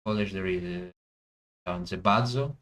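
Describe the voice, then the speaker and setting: A man thinking aloud as he plays a language guessing game, hesitant and full of pauses and fillers. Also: on the low side, poor audio. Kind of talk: thinking aloud while playing.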